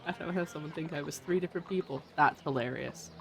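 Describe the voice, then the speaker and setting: A woman's voice: low voice, quick pace, vocal fry. Giggly woman streaming a game. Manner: giggly, chatty, self-mocking. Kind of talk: casual let's-play commentary.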